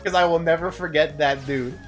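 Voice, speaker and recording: A young male streamer gives casual gameplay commentary in a slightly high voice, speaking a little fast with fairly even intonation. He rambles, swears, and chuckles often while faint game music plays underneath.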